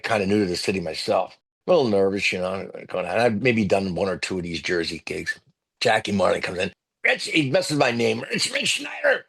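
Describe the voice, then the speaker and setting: A man, a comedian guest telling lively stories on a podcast and acting out other people's loud voices. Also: fairly low pitch. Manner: animated storyteller, acts out loud voices of others. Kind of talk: storytelling podcast interview.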